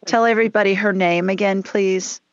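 A woman's voice: medium pitch, steady tone, normal speed, no room sound, muffled recording. A woman hosting a call-in show, talking callers through their problems in a chatty, reassuring, folksy way. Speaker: call-in show host, energy healer.

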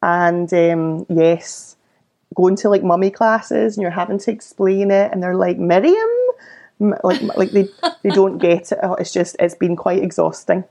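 A Scottish woman in her thirties tells stories in a relaxed, chatty way and slips into the voices of the people in them. Her voice sits low, with a gravelly fry and a dark, mellow tone. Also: normal speed. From Scotland. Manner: chatty storyteller who acts out quoted voices. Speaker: podcast guest. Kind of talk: casual interview chat.

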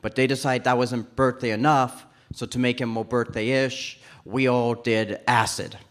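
A man's voice: mid-range voice, steady tone, a little slow, background noise. A man doing stand-up comedy on stage, telling a story and acting out the other people's voices. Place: comedy club stage before a live audience.

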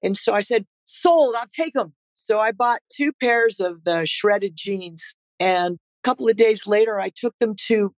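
A woman's voice: mid-range voice, unhurried, few pauses, no echo, rough recording. A woman guest in a casual interview, laid-back and laughing easily as she tells stories. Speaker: guest, rock musician.

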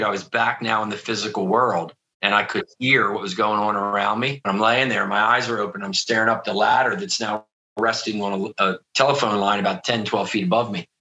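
A man's voice: lowish voice, sharp tone, low-quality recording. A middle-aged man from near Philadelphia telling a personal story in an interview, earnest and vivid, with frequent restarts. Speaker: guest telling his near-death story.

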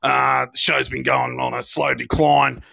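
Brief: man, rowdy comedy guest, very raspy and cutting, boastful, swears nonstop. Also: medium pitch, flat delivery, measured pace, bright, forceful tone, no room sound, studio quality. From Australia. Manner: crude, boastful, swears constantly. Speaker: returning guest.

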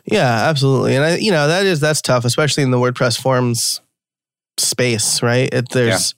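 A man's voice: mid-range voice, moderate pace, clear, resonant tone, dry recording, studio quality. A man from New York hosting a casual podcast interview, chatty and full of stories. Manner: chatty, storytelling, frequent fillers and laughs. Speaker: podcast host.

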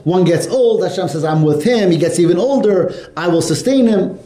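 A man's voice: high voice, normal speed, hardly any pauses, echoey room. A man teaching a Torah lesson to a class, telling the story with animation and asking his students questions. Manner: animated, asks the class questions, mixes Hebrew and Yiddish terms.

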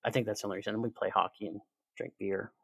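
A chatty Canadian man with a gravelly, fry-edged voice, joking and sarcastic as a podcast guest. He sounds close and dry, with no room around him. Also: on the low side, fairly even intonation, racing, a bit bright, no echo. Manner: chatty, sarcastic, laughs often. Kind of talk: casual chat.

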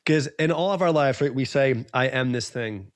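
Guy hosting a podcast, earnest and emphatic, super dry close sound, mid pitch. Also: normal speed, no room sound. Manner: earnest, emphatic, repeats his points. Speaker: podcast host. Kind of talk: casual podcast conversation.

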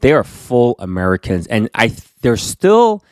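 A man's voice: medium pitch, sing-song, unhurried, clean tone, dry recording. A middle-aged man co-hosting a casual conversation, reflective and encouraging, often affirming with short agreements. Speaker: co-host.

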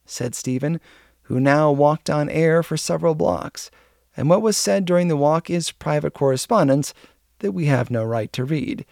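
A man narrating an old novel as an audiobook, in a steady, earnest storytelling manner. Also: fairly high pitch, moderate pace, creaky, no echo, studio quality.

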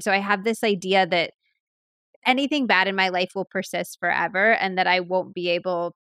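A woman's voice: mid-range voice, fairly quick, a bit bright, clear, resonant tone, no echo, studio quality. A woman hosting a podcast, asking questions in a curious, conversational way. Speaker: podcast host. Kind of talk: casual interview chat.

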